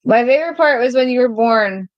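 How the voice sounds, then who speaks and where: A woman's voice: on the high side, lively intonation, brisk, no echo, muffled recording. A woman co-hosting a podcast, telling stories in casual banter and laughing as she talks. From United States. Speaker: podcast co-host.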